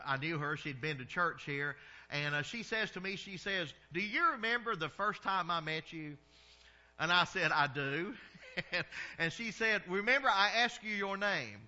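A man's voice: a little high, bright, forceful tone, highs cut off. A middle-aged man with a Southern American accent preaching a sermon in a folksy way, drawing out his vowels and chuckling at his own stories. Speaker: pastor.

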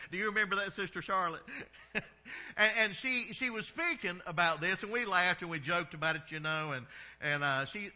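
High, bright-voiced Southern pastor preaching. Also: male voice, muffled recording. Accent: Southern American. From American South. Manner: folksy preaching, drawn-out vowels, chuckles at his own stories. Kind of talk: sermon.

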